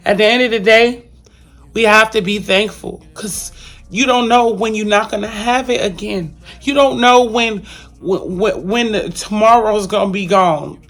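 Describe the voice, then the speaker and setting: A woman vlogger giving an earnest, heartfelt monologue to her viewers, talking casually with slang and circling back to the same points. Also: medium pitch.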